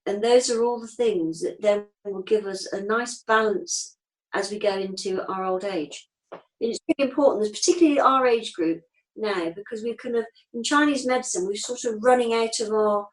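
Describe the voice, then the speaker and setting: A woman in her fifties, an acupuncturist appearing as a guest, chats casually in an interview. She is straight-talking and relaxed, explaining things through homely everyday analogies in an ordinary mid-pitched voice at normal speed, on a low-quality recording.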